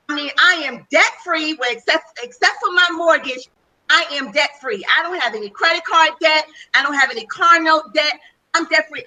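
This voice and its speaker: A woman's voice: high-pitched, sharp tone, low-quality recording. A middle-aged woman giving an enthusiastic, chatty testimonial as a speaker on a webinar panel call.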